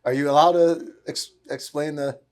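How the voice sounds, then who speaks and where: A man's voice: fairly high pitch, fairly even intonation, moderate pace, darkish tone. A man in casual chat who chimes in with short remarks, laughing and swearing. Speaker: guest, quarterback coach.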